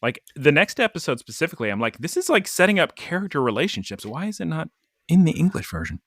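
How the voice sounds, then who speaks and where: A man's voice: on the high side, big pitch swings, fast, fairly bright tone, husky, no room sound, studio quality. A man co-hosting a podcast, recapping an anime episode in rambling, jokey casual chat full of "like". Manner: rambling, jokey, lots of "like" fillers. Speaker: podcast co-host.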